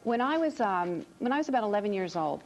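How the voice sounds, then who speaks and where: A woman's voice: medium pitch, sing-song, fast, a little mellow, slight background noise. A woman child psychologist answering as a TV interview guest, earnest and reassuring, often repeating words as she starts a sentence. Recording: dull lo-fi TV audio.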